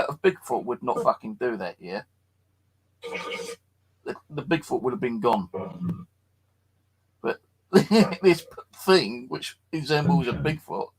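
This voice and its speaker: A tired man streaming late at night from his flat, telling a rambling, sweary story and chatting to viewers. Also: medium pitch, breathy edge, poor audio. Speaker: paranormal live streamer. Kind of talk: casual late-night live stream chat.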